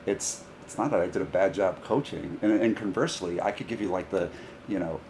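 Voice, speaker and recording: A man, a high school golf coach, telling stories in a casual podcast chat and acting out the dialogue in them, with faint noise behind. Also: brisk. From Rhode Island, US. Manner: animated, acts out dialogue in stories.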